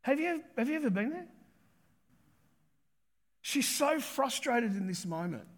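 A pastor preaching a sermon with emphatic delivery, repeating key words and acting out quotes. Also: male voice, extremely high pitch, big pitch swings, measured pace.

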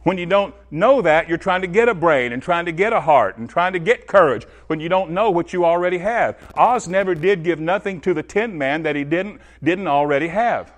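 A man preaching with real animation, his slightly raised voice jumping between loud, high bursts and low, quiet asides. He talks straight to his listeners and keeps pressing them for a response. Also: animated, moderate pace, few pauses. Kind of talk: sermon.

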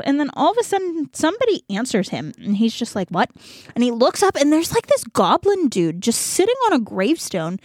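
Young woman podcast host rambling n giggling, high voice jumping all over, dry close sound. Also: dry recording. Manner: rambling, giggly retelling with many "like"s. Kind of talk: casual chat.

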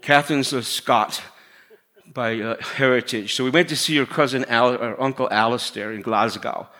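A middle-aged pastor preaches in a loose, talky style, often falling to a quiet hush to drive a point home. His voice is bright and forward, with a middle pitch. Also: moderate pace. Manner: conversational preaching, drops to a hush for emphasis. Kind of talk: sermon.

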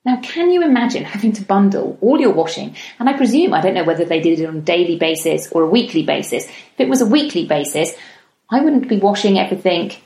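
A woman in her thirties talks through her thoughts as a podcast host, her voice gentle and conversational and sitting at a middling pitch. She slows right down on the words she wants to land. The sound carries a clear echo from the room. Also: sing-song. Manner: gentle, chatty, slows down for emphasis. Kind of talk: reflective solo talk. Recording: echoey room.

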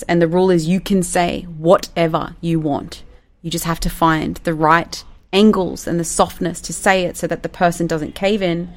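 A woman teaching managers how to handle tough conversations, acting out example lines in different tones. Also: fairly low pitch. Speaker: management coach.

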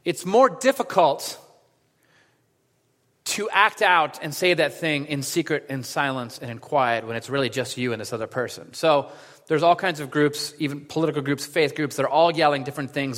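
Guy preaching a laid-back sermon, says like a lot, kinda high voice. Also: moderate pace, a bit bright, long reverb tail. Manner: conversational, many fillers and "like". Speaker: pastor. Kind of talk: casual sermon with opening prayer.

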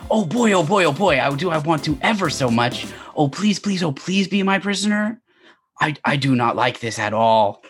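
An excitable, friendly talking dog gushes eagerly in a podcast table read, as a man puts him on. His voice is husky. Faint music plays underneath. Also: on the high side, normal speed. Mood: excited. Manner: eager, breathless gushing.

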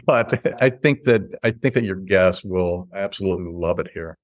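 A relaxed, low-pitched man talks about his art gallery in an easygoing, storytelling way, laughing now and then as he goes. He is on a video call, and his voice sounds dry and close, with no room around it. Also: moderate pace, no room sound. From Chicago. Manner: laid-back, chuckling storyteller. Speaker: artist and gallery owner. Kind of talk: casual interview chat.

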